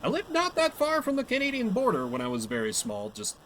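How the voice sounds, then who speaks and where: A man in his young adult years talking through a game on stream. His voice is bright and forceful, and it swings widely in pitch as he rambles, jokes and mocks his own play. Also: huge pitch swings, fairly quick, a little hiss or hum, poor audio. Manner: chatty, self-mocking, laughs often. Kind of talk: live gameplay commentary.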